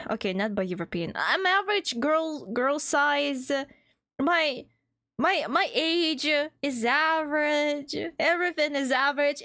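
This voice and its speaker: A woman's voice: sits high, fairly bright tone, no echo. A young woman with a Russian accent, a VTuber chatting casually on a livestream, reading chat aloud and laughing often. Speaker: VTuber streamer.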